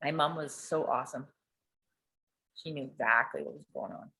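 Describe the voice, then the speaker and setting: A woman telling a candid family story in an animated way, swearing freely and acting out what people said. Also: low-pitched, moderate pace, creaky. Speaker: coaching client sharing a story.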